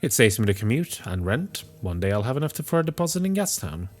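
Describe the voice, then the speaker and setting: A man's voice: medium pitch, big pitch swings, quick pace. A man voicing a formal, overly polite male building concierge. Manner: formal, polite, slightly smug.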